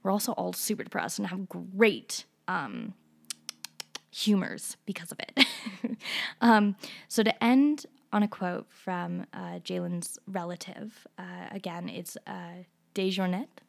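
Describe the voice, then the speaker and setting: Young gal podcasting solo, vocal fry, chatty and opinionated, laughs a lot. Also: female voice, fairly low pitch, takes it slowly. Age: young adult. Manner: opinionated, rambling, laughs often, fillers. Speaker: podcast host. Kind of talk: casual solo podcast monologue.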